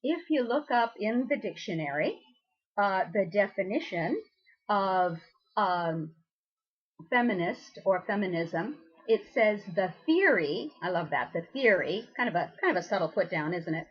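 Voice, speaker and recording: A woman's voice: mid-range voice, animated, a little slow, husky, muffled recording. A woman speaking as a temple priestess, giving an earnest, encouraging message straight to her listeners in a loose, unscripted way. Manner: loose and unscripted, with many ums and uhs. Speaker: presiding priestess of a goddess temple. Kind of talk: inspirational recorded message.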